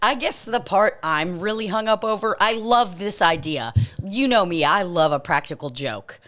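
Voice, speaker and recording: A woman's voice: medium pitch, lively intonation, moderate pace, a bit bright. A woman co-hosting a podcast in casual comedic chat, joking and laughing often. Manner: joking, laughs often, leads a mock breathing exercise. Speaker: podcast co-host.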